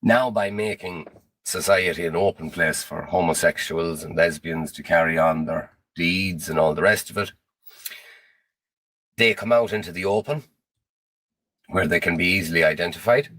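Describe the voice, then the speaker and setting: Deep-voiced man lecturing gravely. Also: moderate pace, a bit bright, low-quality recording. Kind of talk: recorded monologue.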